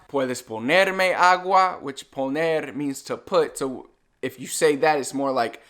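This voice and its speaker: A young man giving a casual video lesson, talking in a relaxed, conversational way and slowing down to model each phrase. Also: mid-range voice. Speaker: Spanish teacher.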